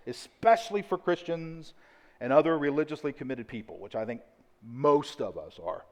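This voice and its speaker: A man preaches from a church stage, his somewhat high voice ringing through a large hall with a long echo. He talks emphatically, hammering repeated phrases and slowing right down on the words that matter. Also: expressive. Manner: emphatic, repetitive preaching with deliberate slow stresses. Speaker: pastor. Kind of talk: sermon. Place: church auditorium.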